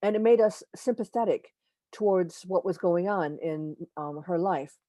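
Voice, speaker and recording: Woman giving a halting talk on a video call. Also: lowish voice, mellow, no room sound. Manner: halting, frequent pauses and self-corrections; opinionated asides. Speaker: astrology lecturer. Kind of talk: informal presentation over a video call. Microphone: computer mic on a video call.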